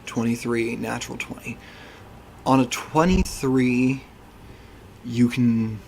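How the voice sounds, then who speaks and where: A man narrating a tabletop game as game master, slowing to hushed description. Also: medium pitch, steady tone, vocal fry, slight background noise.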